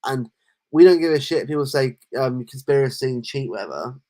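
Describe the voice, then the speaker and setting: A man co-hosting a casual football podcast, talking in animated rants full of restarts. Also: mid-range voice, fairly quick. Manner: animated, ranting, lots of restarts. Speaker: podcast co-host.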